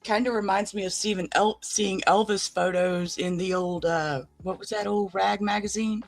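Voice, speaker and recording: A woman's voice: mid-range voice, fairly even intonation, moderate pace, faint music behind. A woman co-hosting a live chat, chatty and playful, sometimes fumbling for words. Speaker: co-host.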